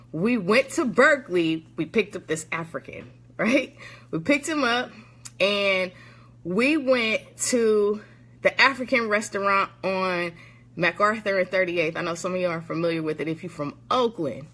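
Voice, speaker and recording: A woman's voice: medium pitch, bright, forceful tone. Chatty woman telling a story. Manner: chatty, casual slang, lots of asides to the audience. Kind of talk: conversational storytelling monologue.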